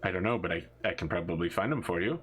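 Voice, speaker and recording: A man voicing a nervous male technician held at knifepoint, meek and placating, in a slightly lower, quieter voice. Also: lively intonation, fast, husky, lo-fi sound. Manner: meek, placating, lightly dry.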